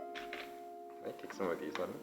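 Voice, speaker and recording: A man's voice: measured pace, reverberant, over music. A man co-hosting a mukbang, chatting casually and adding brief, dry remarks. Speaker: mukbang co-host. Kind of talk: casual chat.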